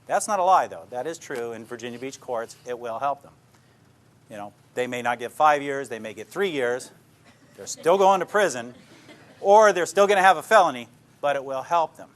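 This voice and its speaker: Giving a casual talk to a live class, an older police detective shares plainspoken anecdotes and checks in with listeners. He speaks at a normal speed with frequent pauses, in a medium-pitched, fairly bright voice.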